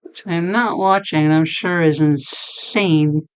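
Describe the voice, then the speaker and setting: A woman streamer chatting casually with her viewers, her voice deep and hoarse from being sick, laughing often. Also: a little slow. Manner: chatty, laughing, talks to chat by name. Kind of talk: casual chat reading stream chat.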